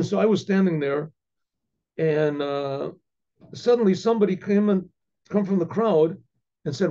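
A man, a rabbi, telling a story in a rambling way, with restarts and frequent throat clearing. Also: high voice, unhurried, pauses often, dark tone, lo-fi sound. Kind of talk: storytelling lecture.

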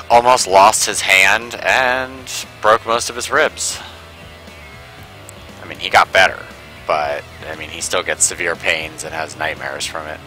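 Deep-voiced man ranting over gameplay. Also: bright, forceful tone, low-quality recording. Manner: rambling and sarcastic, heavy on "like". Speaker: gameplay commentator. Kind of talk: casual let's-play commentary.

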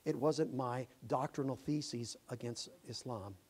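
A pastor preaching a sermon, impassioned and rising to shouts. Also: male voice, medium pitch, unhurried, slightly rough. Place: church sanctuary.

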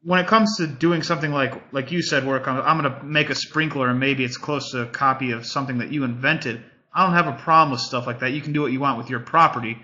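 Very bright-voiced man arguing a point. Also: medium pitch, fast, hardly any pauses, muffled recording. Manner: earnest, repeats himself while arguing a point. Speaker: panel guest. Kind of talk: casual panel discussion.

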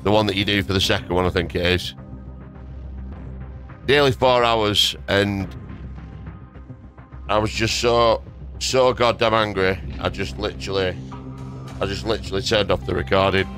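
Lad rambling and cussing over his game at the desk, lowish voice, bit of music faint behind. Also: steady tone, normal speed, pauses often, fairly bright tone. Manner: rambling, sweary and self-mocking. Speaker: gaming video creator. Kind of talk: casual gameplay commentary. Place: home desk. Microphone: dynamic microphone at a desk.

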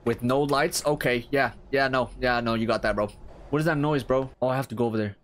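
A young man streams a horror game, his medium-pitched voice moving briskly. He reacts with crude, excitable commentary and reads the on-screen text out loud.

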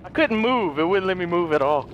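A man chatting casually while gaming, excitable and often yelling and cursing. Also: high-pitched, a little fast, dull audio, a crowd in the background. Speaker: gamer.

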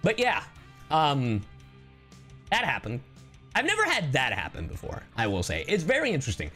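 A man from Miami, a streamer and voice actor, telling stories to his stream chat in a casual, expressive way. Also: a little high, moderate pace, faint music behind. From Miami, Florida. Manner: animated, expressive storyteller.

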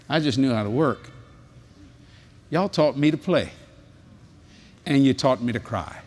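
An older man, preaching a sermon in a folksy, animated storytelling way at a large convention. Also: medium pitch.

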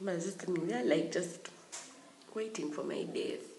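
A young woman tells a storytime tale with lively energy and frequent giggles. Her voice sits a little low, and the room adds a noticeable echo. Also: moderate pace, slight background noise. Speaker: vlogger. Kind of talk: storytime vlog.

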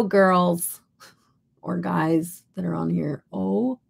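Middle-aged woman from Kansas, makeup livestream host; low, husky, unhurried, rambling chat with whispered asides. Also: fairly even intonation. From Kansas, USA. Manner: chatty, rambling, drops into whispers. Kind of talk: casual live chat while swatching.

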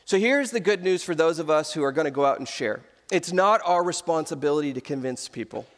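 A man's voice: a little high, brisk, big-room sound. A man in his thirties preaching a sermon as pastor of a church, telling stories and acting out the voices in them. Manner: animated storytelling, acts out quoted voices. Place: church auditorium.

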